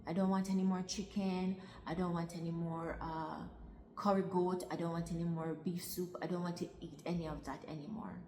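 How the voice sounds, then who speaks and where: A woman's voice: lowish voice, little pitch movement, fairly quick, mellow, a little hiss or hum, lightly acted. A woman voicing her younger self as a ten-year-old girl, pleading and repeating herself. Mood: earnest. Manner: pleading, repetitive. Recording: roomy hall with long reverb.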